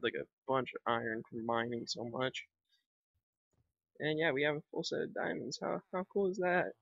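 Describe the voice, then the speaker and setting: A young gaming vlogger rambles casually while playing, thinking aloud with lots of fillers. His medium-pitched voice sounds pushed and bright, captured dry on a dull, lo-fi home mic.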